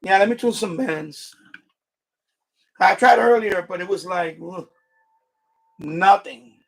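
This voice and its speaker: High, gravelly man rambling on a live stream. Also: slow pace. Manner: rambling, frustrated asides and mild swearing; repeats himself and restarts sentences. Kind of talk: casual live stream chat.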